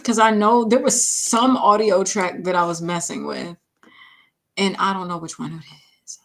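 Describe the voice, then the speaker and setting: A woman's voice: fairly low pitch, moderate pace, gravelly, fairly bright tone. A woman singer chatting casually on a livestream while mixing her own vocals, laughing often and saying "like" a lot. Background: faint music playback.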